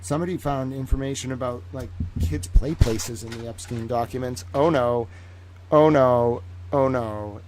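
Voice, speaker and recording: A man hosting a casual livestream, talking in an excitable, rambling, profane way. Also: medium pitch, moderate pace, slight background noise. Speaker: livestream host.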